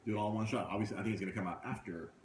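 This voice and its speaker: Rapid-fire and on the low side, a man runs a casual podcast chat live from a comic book shop. There's a roomy sound and slight background noise as he animatedly acts out scenes with funny voices.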